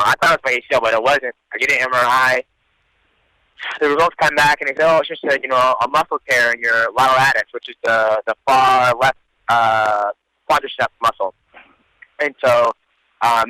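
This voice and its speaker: A man answering interview questions in relaxed storytelling, casually swearing. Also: medium pitch, dry recording, low-quality recording. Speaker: guest athlete, UFC champion.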